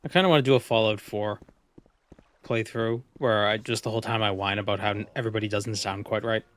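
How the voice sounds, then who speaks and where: A man's voice: lowish voice, steady tone, fast talker, a bit bright. A man streaming a video game, chatting casually and musing aloud as he plays. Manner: musing, chatty, trails off and restarts. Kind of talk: casual gameplay commentary.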